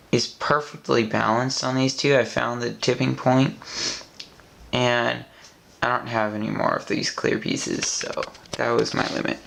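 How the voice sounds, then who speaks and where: A man giving a casual show-and-tell of a model he built at home, talking in a rambling way with many halting restarts. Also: mid-range voice, creaky, fairly bright tone, poor audio. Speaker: LEGO builder showing his model.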